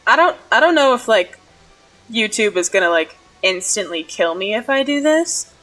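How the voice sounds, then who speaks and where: A woman's voice: medium pitch, sing-song, moderate pace, fairly bright tone, soft background music, low-quality recording. A young woman streamer telling a story in a casual vlog, bubbly and giggly, with many "like" fillers. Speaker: streamer recapping a role-play game.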